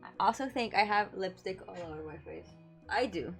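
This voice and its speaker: A woman's voice: mid-range voice, expressive, a little fast, soft background music. A woman streamer reading a dating game aloud, breaking off into giggly, chatty asides.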